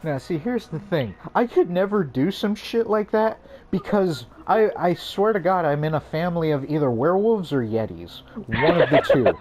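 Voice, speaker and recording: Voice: mid-range voice, lively intonation, normal speed, hardly any pauses, noisy background. A listener in casual chat reacting to a story with shocked, profane exclamations.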